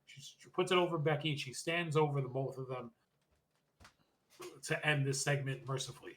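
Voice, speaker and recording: A man's voice: mid-range voice, fairly bright tone. A man co-hosting a podcast, recapping a wrestling show in casual chat, rambling and quoting the wrestlers. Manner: rambling recap, quick asides, mock-quotes wrestlers. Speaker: podcast co-host.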